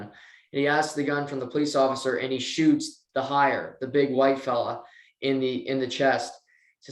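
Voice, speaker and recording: A man's voice: mid-range voice, normal speed, echoey room. A man co-hosting a podcast, casually recapping a TV episode and acting out the characters' lines as he tells it. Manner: animated storytelling, acting out quotes. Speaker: podcast co-host.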